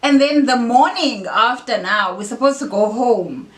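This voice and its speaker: A young woman casually telling a family story on a vlog, animated and quoting relatives. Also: fairly high pitch, measured pace. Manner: animated, switches into isiXhosa quotes. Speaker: vlog co-host. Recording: echoey room.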